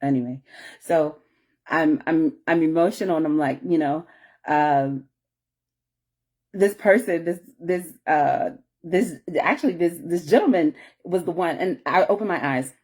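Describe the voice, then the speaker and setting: A woman speaks in a mellow, slightly low voice, telling a personal story to camera. She rambles, restarts her sentences and apologizes often. At moments she sounds close to tears. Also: normal speed. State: tearful at moments. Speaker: vlogger. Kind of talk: reflective personal vlog.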